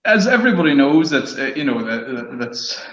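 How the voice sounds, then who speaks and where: A man's voice: a little high, big pitch swings, fairly bright tone, reverberant. Easygoing man on a muffled video call. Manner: easygoing, halting, repeats words. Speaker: distillery guest. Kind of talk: casual interview answers.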